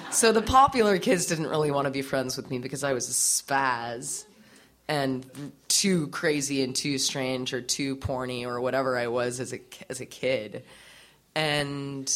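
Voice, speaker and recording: Animated, laughing woman telling her story. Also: a bass voice. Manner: animated, laughing often, swearing freely, many fillers. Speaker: musician, interview guest. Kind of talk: candid storytelling in an interview.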